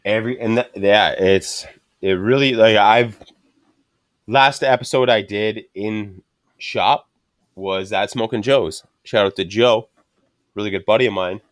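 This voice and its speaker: A man's voice: fairly low pitch, unhurried, dry recording, studio quality. A man telling loose, profane stories in a casual chat. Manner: loose, profane, rambling storytelling. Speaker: podcast guest.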